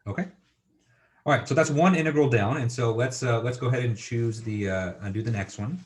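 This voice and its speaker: A man's voice: mid-range voice, fairly quick. A man giving a university engineering lecture, thinking aloud with lots of fillers and checking in with students.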